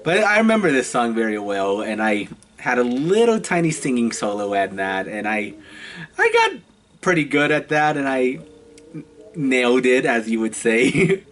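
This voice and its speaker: A man in his twenties recounts his stage days in a relaxed storytime vlog. His voice sits at a middling pitch. He talks in loose, halting phrases and laughs often between them. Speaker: vlogger.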